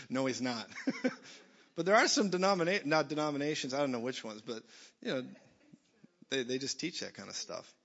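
A man preaching a sermon in a church, blunt and jokey, swinging from loud to soft. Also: medium pitch, lively intonation, normal speed, pauses often. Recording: dull sound in a reverberant hall.

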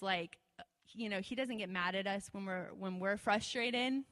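A woman's voice: mid-range voice, normal speed, fairly bright tone, long reverb tail. A woman telling a testimony in a loose, conversational way, full of fillers, who acts out her own prayers in a raised voice. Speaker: speaker sharing a testimony. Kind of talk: testimony storytelling.

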